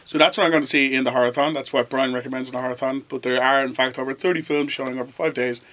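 A man's voice: medium pitch, steady tone, very fast, fairly bright tone, a little hiss or hum. A man hosting a film review show, summarizing plots and bantering in a dry, casual way at a cinema venue.

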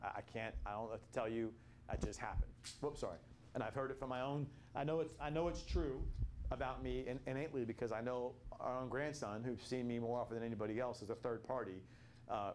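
A man's voice: mid-range voice, fairly even intonation, fast talker, a little mellow, a little hiss or hum. An older man leading a casual Bible study reflection, telling stories in a rambling way with many restarts.

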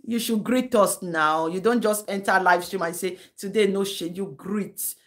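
A woman's voice: medium pitch, moderate pace. A Nigerian woman hosting a live-stream gossip commentary, lecturing and scolding in a chatty way, laughing between her points.

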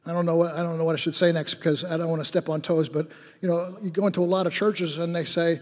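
With a fairly high pitch, a level tone, and a quick pace, a male pastor delivers a sermon in church. He begins conversationally, like telling a story, then builds to fervent exhortation, and long hall reverb fills the recording.

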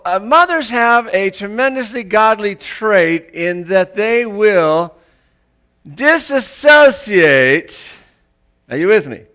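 A man with a high, bright voice preaching a sermon. His delivery is conversational and searching, and he keeps turning to the congregation with rhetorical questions. He often stumbles and restarts mid-sentence. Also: smooth. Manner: frequent stammered restarts. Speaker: pastor.

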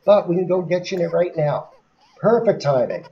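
Low, lively-voiced woman narrating gameplay. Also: a little fast, dull audio, slight background noise. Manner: chatty, talks to characters on screen, laughs often. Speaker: gameplay commentator. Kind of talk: casual gameplay commentary.

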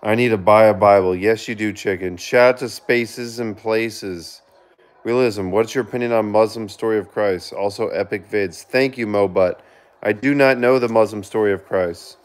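A man hosting a casual live stream, reading viewer comments aloud and giving shout-outs, earnest with sudden excited outbursts. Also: on the low side. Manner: reads chat aloud and gives quick shout-outs. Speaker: livestreamer reading viewer chat.

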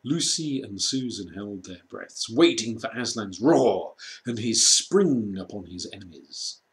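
A man reading a children's storybook aloud, slow and measured with dramatic pauses. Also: lowish voice, lively intonation. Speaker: reader.

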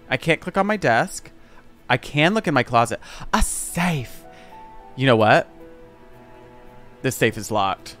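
A man's voice: mid-range voice, a bit bright. A young man chatting sarcastically while playing a game on a live stream, exclaiming often.

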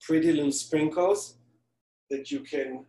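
Man, pastry chef, live baking demo, joking asides, slightly high voice, roomy kitchen sound. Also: a little slow, dark tone. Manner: chatty, joking asides while working. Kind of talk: live online baking demonstration. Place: his home kitchen. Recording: echoey kitchen, distant mic.

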